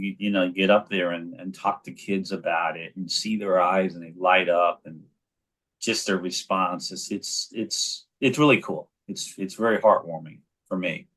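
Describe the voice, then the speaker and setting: Man in his forties, low-pitched, lively anecdotes, casual interview guest. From New York. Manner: animated storyteller, frequent restarts. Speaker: guest, actor and children's author.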